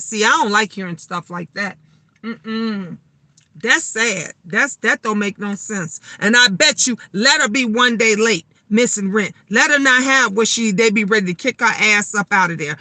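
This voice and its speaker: A middle-aged woman, chatting live and telling stories in a bright, forceful voice. She talks emphatically and swears freely. The sound is close and dry, with no room echo. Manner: emphatic, swears freely, gets louder and higher when riled up. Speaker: live stream host. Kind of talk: casual live chat storytelling.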